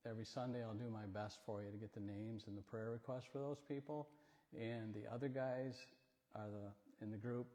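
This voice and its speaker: A man visiting a church as a speaker for a Bible ministry, telling folksy stories in a rambling, gently joking way. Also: lowish voice. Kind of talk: folksy storytelling talk in church. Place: church sanctuary. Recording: long church hall reverb.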